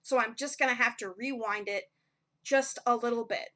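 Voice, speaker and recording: A woman narrating a homebrew tabletop game as game master, relaxed and full of ums. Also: a little high, moderate pace. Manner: relaxed storytelling with frequent ums.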